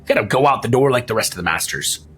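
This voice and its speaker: Dude doing a gruff old carnie, rough voice, folksy talk. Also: male voice, on the low side, expressive, fast talker, a bit bright, faint music behind. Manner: folksy ungrammatical speech. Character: grizzled old male carnival hand, gruff.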